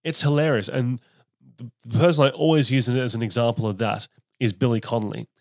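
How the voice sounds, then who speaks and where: Animated male comedian hosting a chat. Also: medium pitch, brisk, gravelly, dry recording, clean studio sound. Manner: animated, breaks into impressions and laughs. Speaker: podcast host, comedian. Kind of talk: casual chat interview.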